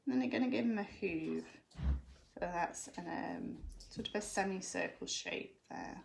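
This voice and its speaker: A woman's voice: lowish voice, normal speed, gravelly, slight background noise. A woman giving a live drawing lesson for children from home, explaining each step patiently. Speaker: drawing teacher.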